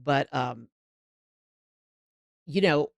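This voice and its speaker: A woman's voice: very deep voice, animated, very slow, creaky, dry recording, clean studio sound. A middle-aged woman hosting a live political show, talking in a heated, rambling way with frequent restarts.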